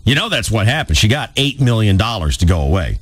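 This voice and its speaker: Wisecracking male radio host, lively pitch. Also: fast, breathy edge, no room sound. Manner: wisecracking, sarcastic. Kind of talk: morning radio banter.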